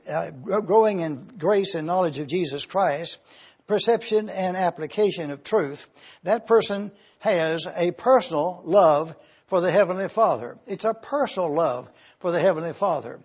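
High-voiced, husky preacher teaching slowly. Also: male voice, darkish tone. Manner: deliberate, explanatory, stretches key words slowly. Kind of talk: Bible teaching sermon. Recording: muffled lo-fi recording.

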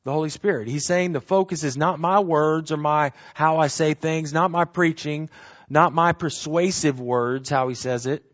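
A man's voice: on the high side, dull audio. A man preaching a sermon as pastor, earnest and emphatic, repeating key phrases and asking the congregation rhetorical questions.

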